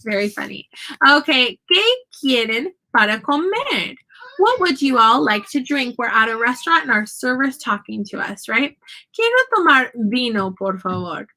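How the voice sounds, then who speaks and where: A woman's voice: a little high, expressive, sharp tone, low-quality recording. A woman teaching a casual Spanish lesson from home, saying Spanish phrases and their English meanings in a chatty, patient way. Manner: chatty, explains slowly, switches between Spanish and English phrases.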